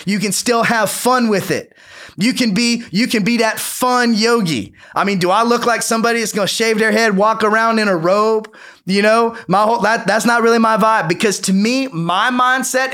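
High-voiced laid-back man. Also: a bit bright. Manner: loose, playful, slangy, with restarts. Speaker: meditation course host. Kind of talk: casual Instagram Live talk.

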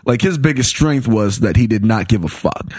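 A male comedian as a podcast guest, chatting casually, profane and animated as he explains his points. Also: lowish voice, normal speed, husky, dry recording, clean studio sound.

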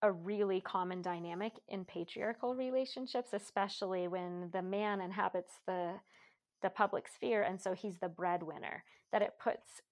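A woman in a casual book discussion, talking thoughtfully with many fillers and restarts. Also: mid-range voice.

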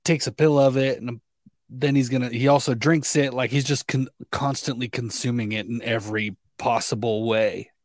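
A man's voice: medium pitch, steady tone, normal speed, no room sound, studio quality. A young man co-hosting a casual chat, talking in loose, rambling sentences with many restarts. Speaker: podcast co-host.

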